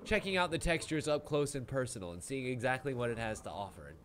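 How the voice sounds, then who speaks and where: A man commentating a live game stream, excitable and gushing, with frequent swearing. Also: medium pitch, fast talker, slight background noise. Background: game music.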